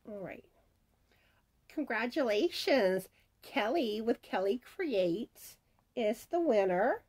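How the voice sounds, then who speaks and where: A woman with a somewhat high, expressive, slightly mellow voice speaks slowly. She hosts a crochet channel and chats casually while announcing giveaway winners, reading their comments aloud and stumbling over names.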